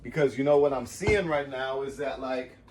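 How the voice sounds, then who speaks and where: A man's voice: medium pitch, moderate pace. Profane, rambling man near tears. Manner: profane, rambling, swings between loud bursts and soft asides. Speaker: vlogger. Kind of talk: casual motivational monologue.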